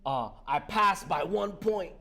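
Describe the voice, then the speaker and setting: A man's voice: high voice, expressive, bright, forceful tone. Blunt older New man sharing. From New York. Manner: blunt, profane, joking, with halting restarts. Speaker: recovery meeting speaker. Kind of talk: sharing at a recovery meeting.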